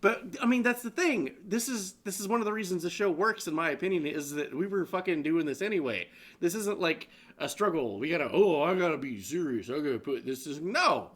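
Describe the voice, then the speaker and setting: A man's voice: fairly high pitch, fairly quick. A man co-hosting a casual online news show, swearing, laughing and ranting about what he shows. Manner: animated, swearing, laughs often. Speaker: show co-host. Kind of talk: casual profane news commentary.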